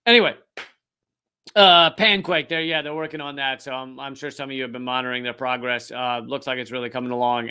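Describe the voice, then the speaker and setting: A man's voice: medium pitch, pushed and bright, smooth. A man hosting a comedic political commentary show, talking to camera in a sarcastic, profane monologue with rambling asides.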